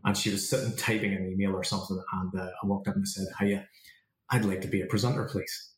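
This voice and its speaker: A man's voice: deep voice, level tone, fast talker. A man, a confidence coach telling a personal story and acting out the dialogue in it. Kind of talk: storytelling monologue. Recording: roomy echo.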